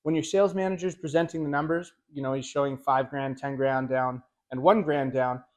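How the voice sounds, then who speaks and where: A man's voice: medium pitch, fairly quick. A middle-aged man, a car sales trainer, giving a casual lesson and acting out dealership dialogue as he tells stories. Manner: animated storyteller, acts out sales dialogue. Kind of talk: casual instructional talk.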